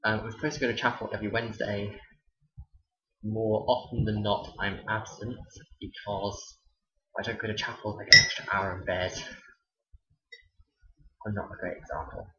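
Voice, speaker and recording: A man's voice: on the low side, flat delivery, moderate pace, long pauses, sharp tone. A young man, a teacher, telling stories casually to camera with a dry, sarcastic delivery. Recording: roomy, dull lo-fi sound.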